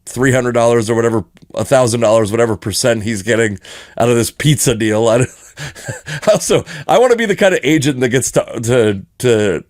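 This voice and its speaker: A man's voice: medium pitch, lively intonation, brisk, no room sound, clean studio sound. A man co-hosting a sports podcast, rambling and joking in casual chat, often restarting his sentences. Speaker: podcast co-host.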